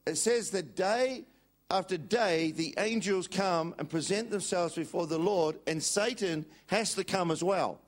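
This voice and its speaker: A man's voice: high voice, a little slow. A man preaching a sermon, urging the congregation to repeat words after him.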